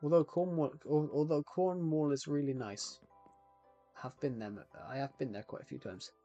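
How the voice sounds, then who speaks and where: A man's voice: a little high, fairly even intonation, normal speed, mellow, dull audio, faint music behind. A young man with a West Country accent, chatting casually on a live stream, rambling and repeating himself with frequent restarts. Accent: West Country English.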